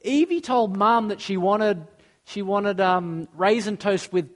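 A man's voice: high-pitched, takes it slowly, long reverb tail, voice pushed up. A man voicing his small, tearful young daughter. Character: small crying young girl, upset.

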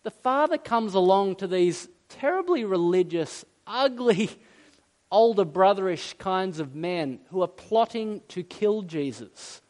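Man, pastor, sermon, high voice, conversational, emphatic, wry asides. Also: expressive, measured pace, a little mellow. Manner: conversational, emphatic, with asides and self-deprecating humor.

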